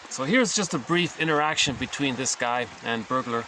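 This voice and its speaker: A man's voice: medium pitch, lively intonation, fairly quick, few pauses, noisy background. A man casually explaining psychoanalytic ideas, conversational and often checking in with his listeners. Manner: conversational, self-correcting, checks in with "right?". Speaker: teacher.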